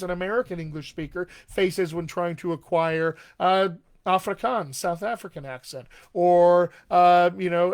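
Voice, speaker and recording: A man working as a dialect coach, answering viewer questions on a live stream in an encouraging, conversational way with plenty of fillers. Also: high-pitched. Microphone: webcam or desk mic on a live stream.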